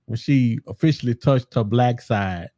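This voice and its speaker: A man talking as a guest on a casual political talk show, relaxed and given to repeating his words. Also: mid-range voice, normal speed, no room sound, clean studio sound.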